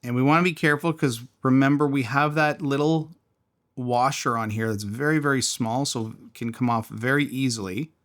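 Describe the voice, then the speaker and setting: A man's voice: mid-range voice, fairly even intonation, moderate pace, a bit bright. A man casually reviewing and taking apart a small fidget toy, thinking aloud as he tinkers. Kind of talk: casual product teardown.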